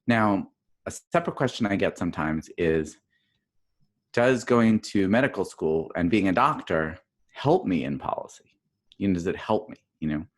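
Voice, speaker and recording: A man's voice: deep voice, expressive, moderate pace. A middle-aged man who works as a pediatrician and public health dean. He gives a chatty conference talk over a video call, telling stories with plenty of fillers and restarts. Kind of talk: casual virtual conference talk. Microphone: video call microphone.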